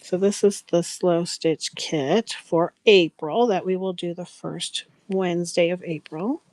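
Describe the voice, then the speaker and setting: Chatty lady selling craft kits on a live stream, lowish voice, laughs a lot, dry sound. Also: a little mellow, dry recording. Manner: chatty, rambling, laughs often, talks to viewers by name. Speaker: craft seller and live show host. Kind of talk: casual live-stream sales chat.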